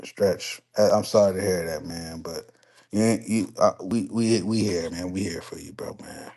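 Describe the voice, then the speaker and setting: A man's voice: sits low, gravelly, a little mellow. A man on a live stream casually telling a story and answering chat, swearing freely and getting heated. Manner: profane, heated when retelling conflicts, quick asides to chat.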